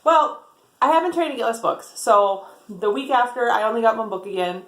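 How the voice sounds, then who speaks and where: A woman's voice: a little high, animated, a little fast, echoey room. A woman chatting casually about her book haul, rambling, with lots of "like" and "um". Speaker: book vlogger.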